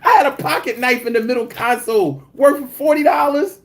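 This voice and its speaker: A man talks casually to his stream chat, his voice leaping high and low as he tells stories. He jokes freely and swears often. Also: a little fast, hardly any pauses. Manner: animated, swings high when telling stories; profane and joking. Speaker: livestream host reading chat.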